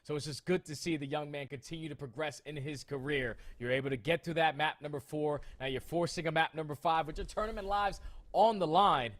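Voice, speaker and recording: A man's voice: on the high side, a little fast, a bit bright. Hyped male esports caster. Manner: hyped, emphatic, slangy. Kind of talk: casual esports commentary.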